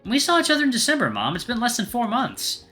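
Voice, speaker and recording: A man's voice: high voice, very animated, moderate pace, bright, forceful tone, soft background music, pitched above the performer's own voice, full character voice. Man doing a blunt, dry young sister. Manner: blunt, sarcastic. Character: dry, tired young woman, med student. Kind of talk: visual novel read-aloud.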